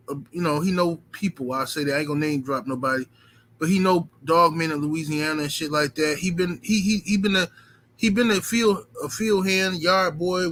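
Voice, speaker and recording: On a casual livestream with slight background noise, a man whose voice sits on the high side reads viewer super chats. He swears heavily, repeats himself for emphasis, and swings from loud bursts to low muttering.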